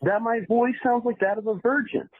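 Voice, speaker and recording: A man's voice: extremely high pitch, steady tone, a little fast, phone-quality sound, slight background noise. A man calling into an advice show who speaks formally, earnestly and with very careful enunciation. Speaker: caller.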